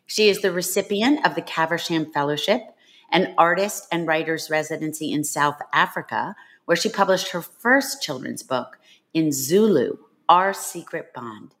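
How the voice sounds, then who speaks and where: Woman, podcast co-host, enthusiastic, lowish voice. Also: moderate pace, fairly bright tone. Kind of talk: podcast interview hosting.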